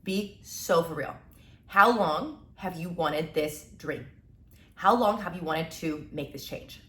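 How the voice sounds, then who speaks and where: A woman's voice: lowish voice, takes it slowly, echoey room. Fired-up young woman giving a pep talk. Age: 20s. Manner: energetic tough-love pep talk, repeats "be so for real". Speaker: motivational content creator. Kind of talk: motivational talk to camera.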